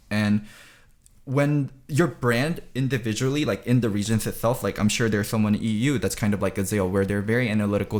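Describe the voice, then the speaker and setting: A man hosting a casual esports podcast, talking reflectively and filling his talk with "like". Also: lowish voice. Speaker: podcast host, content creator.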